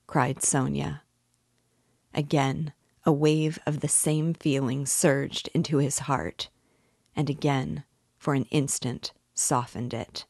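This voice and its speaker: A woman narrating a classic novel aloud in a measured, deliberate reading. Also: low voice, steady tone, creaky, a little mellow, breathy edge, dry recording, clean studio sound. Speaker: reader and guide.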